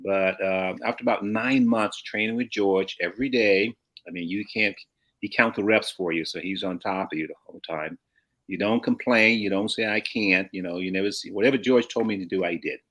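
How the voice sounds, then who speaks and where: A man's voice: lowish voice, a little fast, a bit bright. A man in his sixties from St. Louis, a guest telling rambling life stories with restarts and chuckles. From St. Louis, USA. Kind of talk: casual storytelling.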